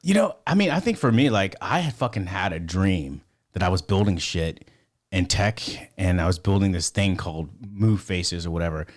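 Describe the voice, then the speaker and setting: A man's voice: sits low, animated, moderate pace. A man telling rambling stories as a podcast guest, swearing constantly in casual talk. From United States. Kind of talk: casual storytelling.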